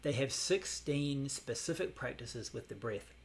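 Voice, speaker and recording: A man teaches a Buddhist meditation class, explaining things in a relaxed way with many fillers. His mid-range voice is a little slow, with slight background noise.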